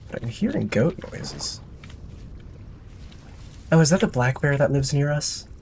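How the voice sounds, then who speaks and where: A man's voice: on the high side, expressive, a little slow, darkish tone, a little hiss or hum. Man musing aloud while playing. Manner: rambling, talks to himself and chat. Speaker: streamer. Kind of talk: casual gameplay commentary.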